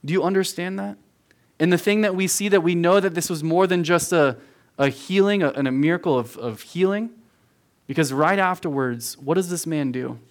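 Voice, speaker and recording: An earnest youth pastor delivers a sermon in a room full of young listeners. His voice sits a little high for a man, and he leans hard on his words, repeating key phrases for emphasis and often calling his audience "guys". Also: normal speed. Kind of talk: verse-by-verse sermon to a youth group.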